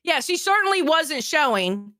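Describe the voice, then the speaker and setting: A woman's voice: high voice, very animated, normal speed, pushed and bright, dry recording, studio quality. A woman co-hosting a live stream, chatting bluntly about online drama and swearing freely as she makes her points. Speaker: stream co-host. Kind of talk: casual drama-commentary chat.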